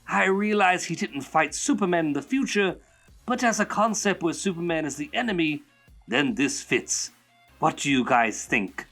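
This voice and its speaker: A man's voice: fairly high pitch, lively intonation, normal speed, a bit bright, soft background music, pitched above the performer's own voice. Joker voice, as a man puts it on. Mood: playful. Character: man doing a Joker voice reading a fan letter. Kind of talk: reading a listener letter aloud.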